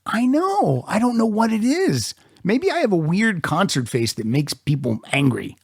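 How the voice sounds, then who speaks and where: A man hosting a podcast, telling a rambling, animated story and swearing freely. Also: high voice, moderate pace, gravelly, breathy edge, no echo, studio quality. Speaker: podcast host.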